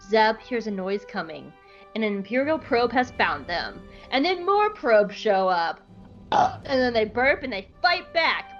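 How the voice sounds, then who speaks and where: A woman co-hosting a podcast, recapping an episode in blunt, profane, sarcastic casual chat. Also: a little high. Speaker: podcast co-host. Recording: dull lo-fi podcast audio.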